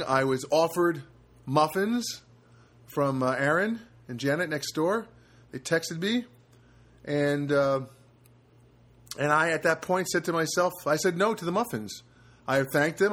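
A man's voice: a little high, a bit bright. A man hosting a casual solo podcast from a studio apartment, rambling and self-deprecating, with many fillers and restarts. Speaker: podcast host.

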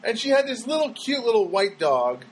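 A man's voice: very high voice, normal speed, a little hiss or hum, low-quality recording. A man telling a rambling comic monologue at home, stammering and restarting as he goes. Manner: rambling, stammering, animated storytelling.

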